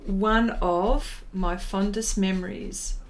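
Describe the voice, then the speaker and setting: Slow, halting woman streamer. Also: medium pitch, steady tone, slight background noise. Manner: slow, halting and emotional, trying not to cry, laughing. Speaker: live-stream art host. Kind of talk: chatty live stream while painting, reading viewer questions.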